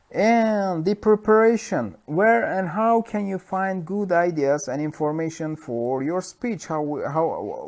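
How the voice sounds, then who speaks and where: A man's voice: on the high side, a little mellow. A man with a Turkish accent, a university lecturer, giving a self-recorded lecture in a conversational way, with many fillers and self-corrections. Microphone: self-recorded lecture mic.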